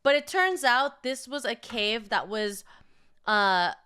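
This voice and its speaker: A young woman chats to her viewers in a loose, profane storytelling way. Her voice is bright and sits a little high, and she laughs easily while acting out what people said. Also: takes it slowly, smooth. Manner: profane, animated, laughs often, acts out quotes. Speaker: vlogger. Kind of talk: casual storytelling chat.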